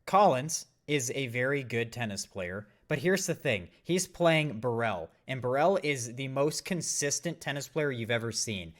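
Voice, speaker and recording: A man's voice: mid-range voice, expressive, moderate pace, hardly any pauses. A man hosting a casual sports betting podcast, rambling and swearing while he has a cough. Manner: rambling and profane, explaining picks. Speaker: podcast host.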